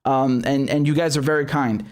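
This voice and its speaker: A man's voice: medium pitch, steady tone, a little fast. A man hosting a live stream, commenting bluntly with heavy swearing and many restarts, then reading viewer chats. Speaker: show host.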